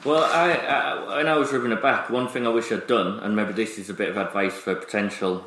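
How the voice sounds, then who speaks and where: A man's voice: lowish voice, fairly even intonation, fairly quick, fairly bright tone. A man chatting casually as a podcast co-host, rambling through a story with restarts and laughs. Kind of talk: casual chat. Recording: roomy echoey room.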